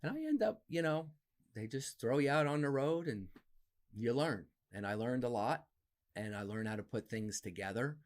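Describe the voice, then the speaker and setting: A man in his fifties from New Jersey, a podcast guest telling stories from his life in a casual, animated way. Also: normal speed. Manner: animated, acts out quoted voices with big pitch jumps. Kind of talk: casual storytelling interview.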